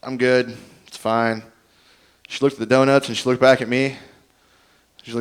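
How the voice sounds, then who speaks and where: A man's voice: medium pitch, little pitch movement, fairly quick, long pauses. A young man doing a stand-up comedy set, rambling and self-deprecating as he tells stories and acts out both sides of each conversation.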